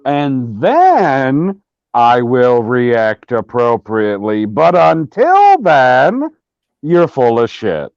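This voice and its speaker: Give me an exasperated man co-hosting a chat show, slow and lively, dry and muffled. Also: medium pitch, no echo. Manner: swears a lot, exasperated, incredulous. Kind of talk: casual podcast chat.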